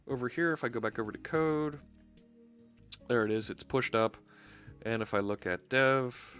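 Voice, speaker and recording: A man's voice: mid-range voice, fairly bright tone. Chatty man live-coding with faint music. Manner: chatty, thinking aloud with fillers. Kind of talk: casual live coding commentary.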